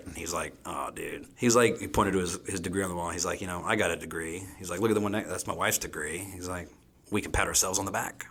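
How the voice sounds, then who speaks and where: Deep-voiced chef rambling casually. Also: male voice, fast talker, a bit bright, breathy edge. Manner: rambling, frequent "you know" fillers. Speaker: chef guest. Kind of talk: casual interview talk.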